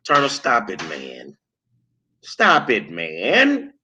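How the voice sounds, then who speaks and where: Profane, bright-voiced male talk host. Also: fairly low pitch, huge pitch swings, very slow, a little hiss or hum. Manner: blunt, profane, slangy trash talk. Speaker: show host. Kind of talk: casual political talk show banter.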